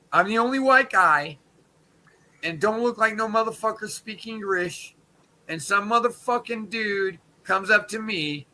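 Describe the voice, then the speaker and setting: A man streaming, telling a crude comic story in a profane, rambling way with quick asides. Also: a little high, sharp tone.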